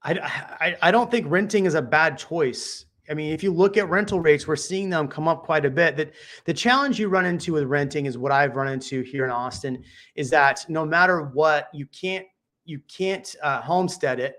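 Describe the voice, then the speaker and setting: This is a male real estate host talking casually on a podcast, relaxed and prone to jokes. His voice sits a bit higher than most men's. He thinks out loud, breaking off and restarting his sentences as he weighs his advice. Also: moderate pace. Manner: laid-back, joking, thinks aloud with frequent restarts.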